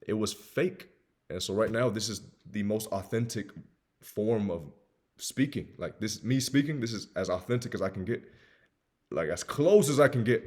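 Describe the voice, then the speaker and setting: With a husky, lowish voice and a touch of Southern US lilt, a self-improvement host in his twenties delivers an earnest personal monologue. He repeats phrases for emphasis and shifts from forceful urging to quiet confessions.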